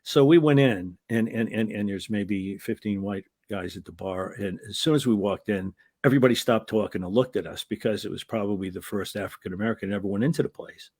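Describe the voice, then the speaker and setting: A man's voice: fairly low pitch, a little fast, few pauses, slightly rough, no echo, clean studio sound. An older man, a former wrestling referee, telling rambling anecdotes as an interview guest, often restarting his sentences. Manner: rambling anecdotal storyteller with restarts, lively when telling the punchline. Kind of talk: casual storytelling interview.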